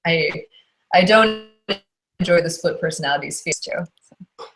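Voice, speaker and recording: A woman's voice: deep voice, measured pace. A woman who narrates audiobooks talks in a chatty interview, with frequent fillers. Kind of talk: casual interview. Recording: roomy echo.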